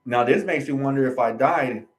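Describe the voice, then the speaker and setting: Man, casual storytelling vlog, rambling, earnest, conversational fillers, average pitch. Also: moderate pace, poor audio. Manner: rambling, conversational, peppered with "right?" and "you know"; earnest, aggrieved. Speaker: vlogger telling his own story.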